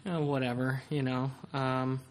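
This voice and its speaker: A man hosting a casual chat podcast, with a voice of middling pitch. He rambles through a story, full of "like" and "you know". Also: level tone, moderate pace. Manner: rambling storyteller, lots of fillers. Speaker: podcast host.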